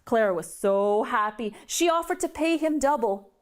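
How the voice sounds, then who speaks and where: Woman storyteller for kids, high voice, very lively and dramatic. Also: moderate pace. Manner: animated, dramatic. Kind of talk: live storytelling for children.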